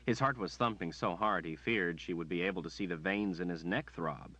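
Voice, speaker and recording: A man narrating an audiobook in a measured storytelling manner. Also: low voice, a bit bright, dry recording, lo-fi sound. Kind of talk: scripted narration.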